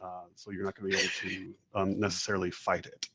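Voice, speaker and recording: A man acting as game master, narrating a tabletop game in a relaxed way, laughing often. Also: deep voice, fast. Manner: laid-back, laughs often, many fillers.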